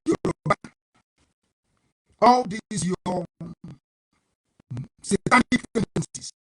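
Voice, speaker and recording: A man addresses his audience in a live online broadcast. His voice sits high and carries a sharp, forceful brightness. He talks in a defiant, emphatic, combative way. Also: slow pace, husky. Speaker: political broadcaster.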